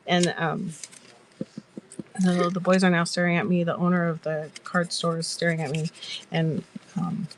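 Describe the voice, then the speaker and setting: A woman's voice: fairly low pitch, steady tone, moderate pace, long pauses, a little hiss or hum. A woman hosting a casual crafting chat, telling stories in a giggly, rambling way. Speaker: crafter and live-selling host.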